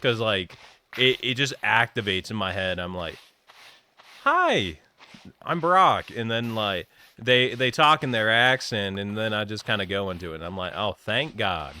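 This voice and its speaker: Bright, low-voiced joking male streamer. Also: normal speed, clear, resonant tone. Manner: joking, rambling, often slips into a put-on southern twang. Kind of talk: casual gaming stream chat.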